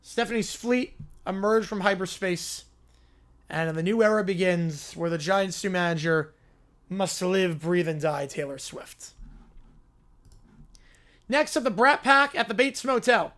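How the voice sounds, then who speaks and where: A man's voice: sits high, measured pace, long pauses, fairly bright tone. A man hosting a livestream, narrating a silly story in a casual, offhand way. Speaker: livestream host.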